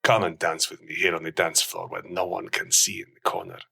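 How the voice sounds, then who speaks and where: A man voicing a suave, smooth-talking male seducer with a put-on Spanish accent, low and sultry. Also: level tone, brisk, sharp tone, exaggerated voice.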